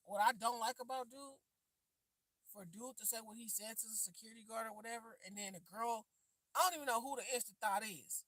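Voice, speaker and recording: A man's voice: sits high, a bit bright, no room sound, low-quality recording. A man ranting on a livestream, rambling and blunt, with lots of filler words. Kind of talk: livestream rant.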